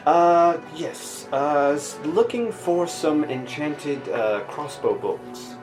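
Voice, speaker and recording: Man, tabletop player, lively pitch, stammering, halting. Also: music in the background. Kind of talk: tabletop role-play in character.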